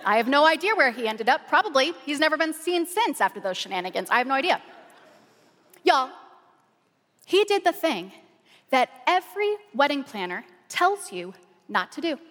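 A woman pastor preaching with an animated, excited, chatty way of telling funny stories from the pulpit. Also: high voice, normal speed. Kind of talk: humorous sermon storytelling. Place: large church auditorium. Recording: long reverb of a large hall.

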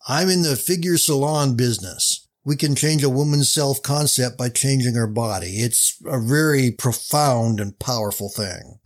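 A man's voice: medium pitch, normal speed, few pauses, lightly acted. A man voicing a proud, eager young businessman in a told story.

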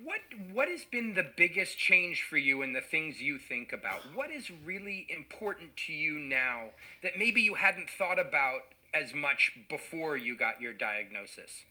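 A man interviewing a guest, asking gentle questions and often repeating words as he starts. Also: a little high, sing-song, unhurried, few pauses, rough recording.

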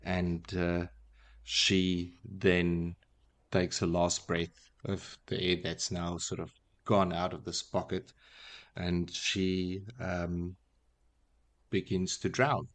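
A man hosting a podcast, casually retelling a book chapter in a relaxed, wry way with many fillers. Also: low-pitched, slow. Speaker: podcast host.

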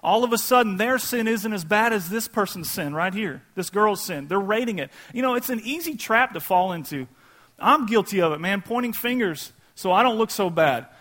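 A pastor preaching a sermon in a casual, conversational way, acting out quoted voices. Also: male voice, high-pitched, lively intonation, moderate pace, fairly bright tone.

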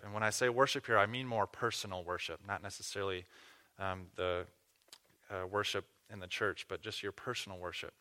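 A man preaches a sermon, walking his listeners through a passage. His voice is bright and forward, and he teaches earnestly, asking questions and restarting phrases as he goes. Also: fairly low pitch, moderate pace. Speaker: pastor.

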